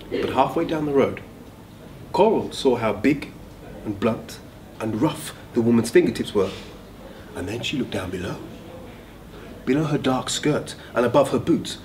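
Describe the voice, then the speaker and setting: Lively man telling a tale. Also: mid-range voice, slight background noise. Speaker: school staff reader. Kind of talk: reading a story aloud.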